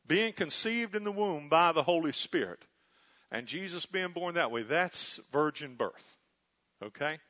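Earnest higher-voiced male preacher. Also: animated, measured pace. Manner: earnest teaching, often checks listeners follow; swings between loud emphasis and quiet low asides. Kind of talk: sermon.

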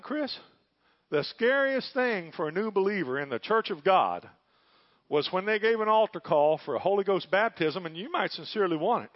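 Pastor guy, middle aged, fired up sermon, kinda high voice, hushed then loud, folksy stories. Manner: fervent preaching that swings from hushed to loud, folksy storytelling. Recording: dull lo-fi recording.

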